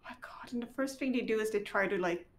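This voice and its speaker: A woman's voice: medium pitch, fast. Flustered woman chasing animals in a game. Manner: flustered, exclaiming often. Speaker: gamer. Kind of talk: casual co-op gameplay chat.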